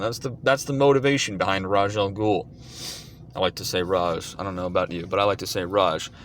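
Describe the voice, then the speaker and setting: A man's voice: mid-range voice, a bit bright, a little hiss or hum. A man delivering an indignant, sarcastic commentary rant. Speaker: commentary vlogger. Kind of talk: ranting commentary.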